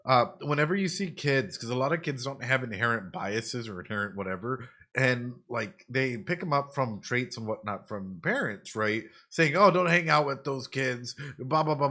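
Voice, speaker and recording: Brief: male psychologist streamer, bright, forceful voice, chatty and excitable, lots of "yo" and "man". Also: mid-range voice. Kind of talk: casual let's-play commentary.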